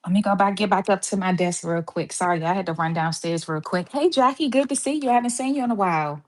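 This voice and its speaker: A woman's voice: medium pitch, fast. A woman from Washington, D.C. hosting a casual live stream, greeting viewers by name and a little out of breath after running downstairs. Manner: chatty, greets viewers by name, says y'all. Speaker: host of a live stream for medical assistants. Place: home.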